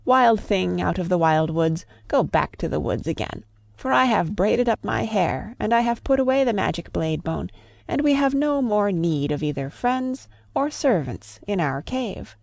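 Wise, proud cave woman for a storybook, read by a woman, firm and commanding, with a gravelly edge. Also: medium pitch, expressive, a little slow, darkish tone, dry recording.

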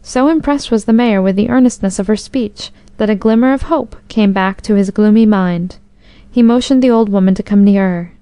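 A woman narrating a storybook in a measured, expressive reading. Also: medium pitch, clean tone, dry recording.

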